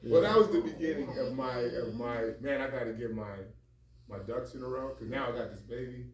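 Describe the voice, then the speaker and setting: A man in his twenties, a guest speaker telling stories in a casual chat, laughing often and relaxed. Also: mid-range voice, fairly quick, distant mic. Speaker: guest speaker teaching a finance class. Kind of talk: casual storytelling. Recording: echoey room, speaking away from the mic.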